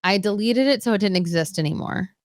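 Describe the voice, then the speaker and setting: A young adult woman co-hosting a podcast in casual chat, telling animated stories and acting out conversations. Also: mid-range voice, quick pace, dry recording, clean studio sound. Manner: animated storyteller who acts out conversations. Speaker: podcast co-host.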